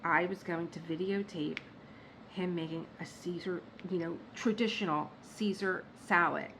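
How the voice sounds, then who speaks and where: A woman vlogging from her home workspace, telling stories in a chatty, animated way and laughing at her own jokes. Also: lowish voice, normal speed, a little hiss or hum, low-quality recording. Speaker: diamond painting vlogger. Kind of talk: casual storytelling chat.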